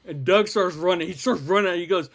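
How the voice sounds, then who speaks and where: A man in his forties from Texas, a podcast guest telling stories in an animated, laughing way. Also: high-pitched, fairly quick. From Texas, United States. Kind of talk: casual storytelling chat.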